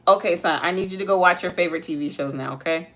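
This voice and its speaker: While doing her makeup on a casual livestream, a young mother chats with viewers and talks with her child. She is a fast talker with a low, fairly bright voice.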